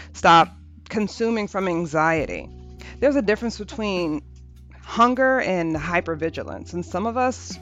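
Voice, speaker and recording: A woman hosting a podcast, talking through a reflective spiritual monologue in a gentle, unhurried way, repeating phrases for rhythm. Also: fairly low pitch. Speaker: podcast host. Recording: dull lo-fi audio with faint music.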